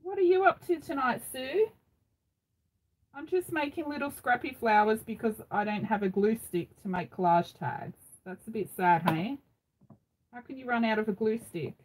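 A woman's voice: a little high, moderate pace, slightly rough, low-quality recording. A middle-aged Australian woman hosting a craft live stream, chatting casually and rambling with frequent ums, recorded on a phone. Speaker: craft channel host.

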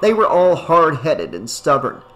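A man giving a steady audiobook narration of a horror story. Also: fairly high pitch, measured pace.

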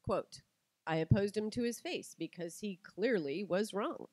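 A middle-aged woman tells stories to a live audience and acts out each quoted line with energy. Her pitch sits in a medium range, and the recording is dry and close. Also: unhurried, no echo. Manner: animated storytelling, acts out quotes. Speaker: speaker giving a talk. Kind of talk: lively talk to an audience.

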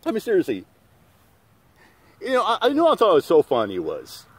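A man's voice: sits high, huge pitch swings, brisk, slightly rough, no echo. Profane rambling middle-aged man. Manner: profane, rambling, many fillers and restarts. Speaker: channel host. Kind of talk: rambling livestream rant.

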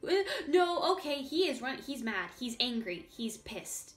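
A teenage girl giving casual, deadpan, jokey game commentary with sudden panicked shrieks, sounding a bit congested. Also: fairly high pitch, unhurried, few pauses, faint music behind. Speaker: gaming YouTuber.

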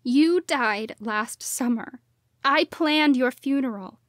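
A woman's voice: high voice, slow pace, fairly bright tone, no room sound, studio quality. A woman voicing a distraught young witch. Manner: tearful, pleading, breaking into cries.

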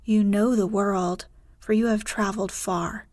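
A kindly old village pastor pleads gently and earnestly, as a woman reads him in a bedtime story. His words come slowly and softly, with a close, dry sound. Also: mid-range voice, steady tone, no echo, close to an everyday voice.

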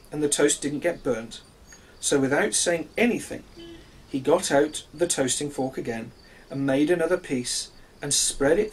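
A man reading a children's storybook aloud in a gentle, expressive way. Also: a little high, husky.

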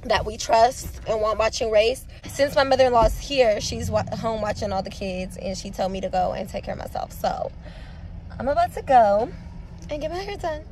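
A woman's voice: a little high, moderate pace, darkish tone, a little hiss or hum. A woman in her twenties talking casually to camera in a vlog, venting her frustration and sometimes tearful. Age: 20s. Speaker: vlogger.

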